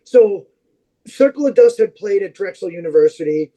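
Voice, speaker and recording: A man who is a podcast guest, telling long, animated anecdotes in casual chat, with plenty of fillers and restarts. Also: high-pitched, moderate pace, low-quality recording.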